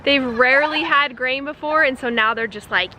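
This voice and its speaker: A woman in her forties talks to camera from a goat pen on her farm. Her voice sits high, and she is lively and playful. Goats bleat and the farmyard noise is heavy around her. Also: normal speed. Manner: animated and joking, mimics goat screams. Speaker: farm vlogger. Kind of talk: casual chat to camera. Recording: noisy, goats bleating behind.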